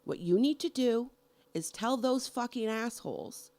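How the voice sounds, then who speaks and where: A woman's voice: a little high, animated, measured pace, a little mellow. A middle-aged woman vlogging a heated, profane rant about horror movies, hammering each point with emphasis. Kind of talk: angry movie rant to camera.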